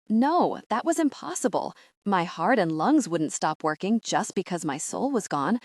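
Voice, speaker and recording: Woman audiobook narrator, first-person, wry and sardonic, very lively pitch, dry close sound. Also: dry recording. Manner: wry, sardonic teen-voiced storytelling.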